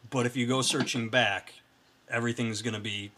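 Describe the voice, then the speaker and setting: A man's voice: medium pitch, fairly even intonation, fairly quick, pushed and bright. A man co-hosting a comedy podcast in casual chat, laid-back and dropping wry quips. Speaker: podcast co-host.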